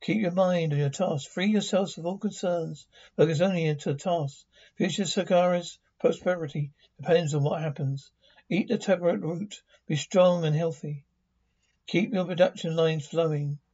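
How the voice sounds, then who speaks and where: Loudspeaker announcer, male, droning and dutiful, a man reading it; somewhat high, husky, muffled recording. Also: moderate pace. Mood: announcing. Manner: droning public-address slogans. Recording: dull lo-fi recording.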